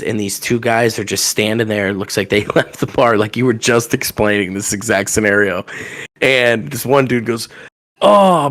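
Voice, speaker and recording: A young man from telling a rowdy story on a podcast, acting out the people in it with loud raised voices. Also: medium pitch. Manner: animated, acts out quotes with loud raised voices. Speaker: podcast guest telling stories. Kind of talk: casual storytelling.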